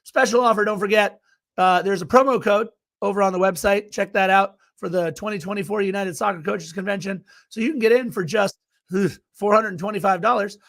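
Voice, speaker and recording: A man with a high voice co-hosts a soccer fan podcast. He talks in a casual, excitable way and shouts out listeners in the chat. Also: brisk, vocal fry. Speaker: podcast co-host.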